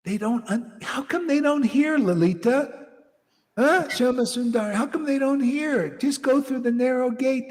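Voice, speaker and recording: A man's voice: very high-pitched, normal speed, long reverb tail. A man, a spiritual teacher, telling stories in a dramatic, scolding and mocking way. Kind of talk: animated storytelling talk.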